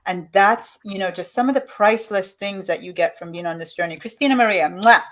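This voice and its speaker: A woman's voice: medium pitch, fairly quick. Motivational woman coaching live viewers. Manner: enthusiastic, motivational, speaks straight to viewers. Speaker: host, money mindset coach. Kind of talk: live online coaching session.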